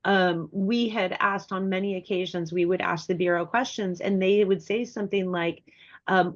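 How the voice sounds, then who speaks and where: A woman guest expert talking in a chatty, emphatic way, often restarting her sentences, and sounding congested from illness. Her pitch sits in a middle range. The video call audio is dull and lo-fi. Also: fairly even intonation, moderate pace. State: ill, congested. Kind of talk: webinar presentation.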